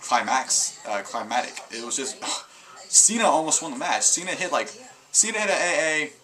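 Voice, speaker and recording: A man's voice: on the high side, animated, moderate pace, pushed and bright, low-quality recording. A man giving a casual video review of a wrestling show, rambling through his recap with lots of fillers and restarts. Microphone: camera mic.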